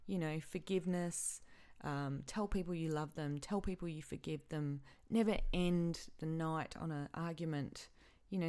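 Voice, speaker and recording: A woman hosting her own podcast, speaking haltingly and with feeling as she grieves, often stopping and repeating herself. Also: deep voice, a little mellow. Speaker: podcast host. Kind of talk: personal podcast monologue.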